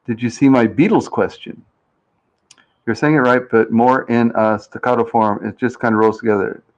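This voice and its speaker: A man's voice: mid-range voice, fairly even intonation, normal speed, highs cut off. Rambling man hosting a live stream. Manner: chatty and rambling, reads chat aloud, plays with pronunciations. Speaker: game show host on a live stream. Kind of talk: casual live-stream chat.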